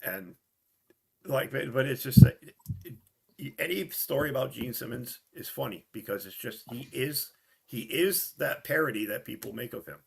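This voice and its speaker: A man's voice: mid-range voice, moderate pace, vocal fry, breathy edge. A man co-hosting a podcast in casual chat, blunt and joking, often restarting his sentences. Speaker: podcast co-host.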